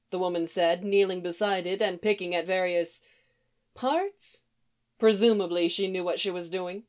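A woman narrating a story in an even, unhurried read-aloud. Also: fairly low pitch.

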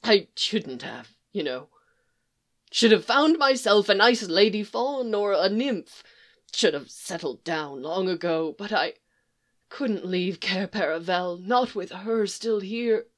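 A woman voicing a tender-hearted young male faun in a storybook reading, speaking in halting, broken-off phrases. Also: mid-range voice, natural voice. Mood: tearful.

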